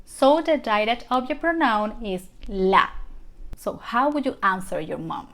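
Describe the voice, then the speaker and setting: Slow, careful teacher woman. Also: on the high side, animated, fairly bright tone. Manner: slow, careful model sentences with questions to the viewer. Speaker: Spanish teacher. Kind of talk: language lesson.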